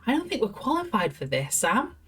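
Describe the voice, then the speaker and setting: A woman's voice: fairly high pitch, wildly swooping pitch, fairly quick, husky. A woman streamer giving chatty, amused commentary while playing a game. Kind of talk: live gameplay commentary.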